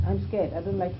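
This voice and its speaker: An older woman recalling a story from her past in a lively way, growing louder and more excited as she tells it. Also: medium pitch. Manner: lively, grows excited and loud when recalling the scare. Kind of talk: reminiscing anecdote. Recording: muffled, noisy archive recording.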